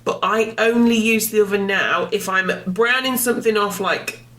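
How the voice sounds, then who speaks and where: A woman's voice: medium pitch, normal speed, pushed and bright, far from the mic. A woman co-hosting a podcast in casual chat, teasing and matter-of-fact. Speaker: podcast co-host. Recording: echoey room with faint hiss.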